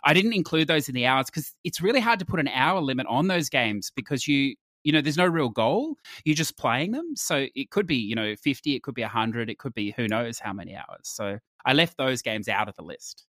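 A man hosting a casual gaming podcast, talking in a joking, lively way. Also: medium pitch, brisk, hardly any pauses, no echo. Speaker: podcast host.

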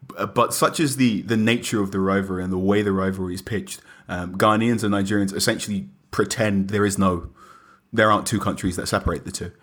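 A man reporting on the line for a sports show, explaining in a measured way with frequent pauses. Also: lowish voice, fairly even intonation, a bit bright. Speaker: correspondent on the line. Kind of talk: explaining in a conversational interview.

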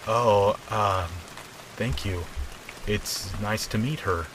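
A man's voice: fairly low pitch, takes it slowly, slight background noise, poor audio. A man reading a nervous, polite young woman. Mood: uneasy. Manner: polite, apologetic. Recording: soft rain behind.

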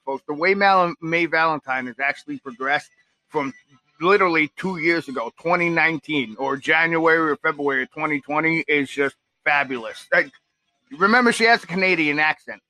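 A man hosting a casual radio watch-along, chatty and rambling with lots of fillers and sudden bursts of excitement. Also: fairly high pitch, fairly quick, faint music behind. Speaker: podcast host.

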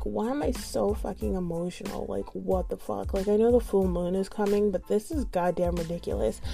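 A young adult woman telling a frustrated storytime, swearing freely and laughing often. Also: mid-range voice. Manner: profane, animated, laughs often. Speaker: vlogger. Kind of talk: casual storytime monologue.

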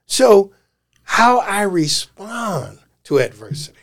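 Male life coach, animated storyteller, fairly high voice. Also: takes it slowly, vocal fry. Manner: animated, laughs often, slangy storytelling. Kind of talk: casual storytelling interview.

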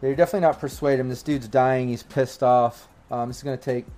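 A man running a tabletop game as game master, with a voice of average pitch. He talks in a relaxed, rambling way and fills his sentences with ums and uhs. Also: quick pace, music in the background. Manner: easygoing, rambling, many fillers.

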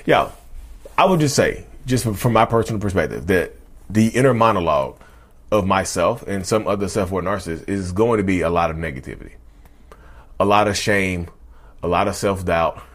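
A man in his thirties with a baritone voice, hosting a podcast in a casual, rambling monologue that often restarts and calls listeners y'all. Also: animated, brisk. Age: 30s. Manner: rambling, repeats himself, addresses listeners as y'all. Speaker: podcast host.

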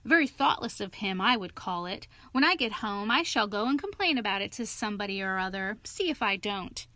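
A woman's voice: medium pitch, lively intonation, brisk, pushed and bright, dry recording. Woman doing a fussy grumbling mole. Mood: pettish. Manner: complaining, pettish, fussy. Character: fussy, grumbling male mole, timid and stubborn.

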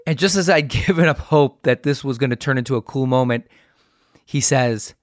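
A man's voice: mid-range voice, normal speed, dry recording. Chatty middle-aged male host, dry sound. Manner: chatty, trades stories with his guest. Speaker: podcast host. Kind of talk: casual interview chat.

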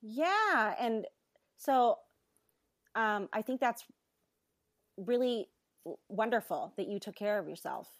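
A woman's voice: on the high side, expressive, takes it slowly, long pauses. A woman in her thirties, a mother, chatting supportively and laughing easily in casual conversation. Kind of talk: casual chat.

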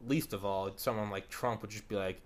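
A man's voice: lowish voice, fairly even intonation, brisk. A man hosting a podcast in casual chat. He rambles and swears with enthusiasm. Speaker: podcast host.

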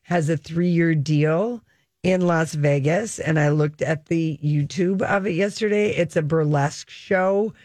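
A woman's voice: low voice, a little slow, a little mellow, no echo. Chatty woman co-host, dry studio sound. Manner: chatty, trails off and restarts mid-sentence. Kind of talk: casual entertainment chat.

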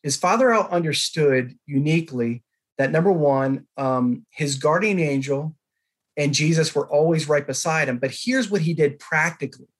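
A man speaks as a podcast guest, recounting a story with earnest conviction. His voice sits a little higher than most men's, and he leans on key words with bursts of emphasis. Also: moderate pace. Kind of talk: conversational interview.

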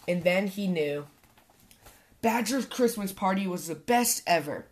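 A woman's voice: medium pitch, animated, a little slow. Woman reading a children's story. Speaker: children's story podcast host. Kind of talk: storybook read-aloud.

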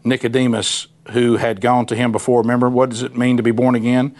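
A man leads a Bible study and teaches in a relaxed, conversational way. He is folksy and animated, and he slips into quick impressions of the people in the scripture he reads. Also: mid-range voice. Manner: folksy, animated, acts out voices of Bible figures.

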